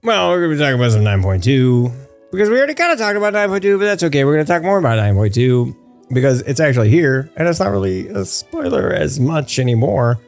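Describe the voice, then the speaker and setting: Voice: medium pitch, very animated, quick pace, creaky, darkish tone, soft background music. A podcast host in casual chat, playful and full of fillers.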